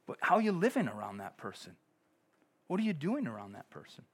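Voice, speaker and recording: A middle-aged pastor preaching a sermon in a conversational way, with sudden loud bursts. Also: male voice, fairly high pitch, wildly swooping pitch, fairly quick, slightly rough.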